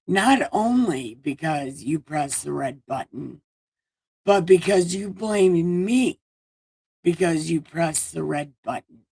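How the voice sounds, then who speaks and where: A woman's voice: on the low side, darkish tone, slightly rough, full character voice. A woman voicing a slangy, exasperated God figure in a comic retelling, indignant and defensive. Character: slangy gamer God, easily exasperated man.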